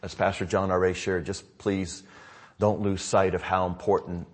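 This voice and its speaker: A man's voice: low-pitched, little pitch movement, moderate pace. A middle-aged American man preaching to his congregation, telling stories in a loose, conversational way with frequent asides. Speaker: pastor. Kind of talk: sermon update to a congregation.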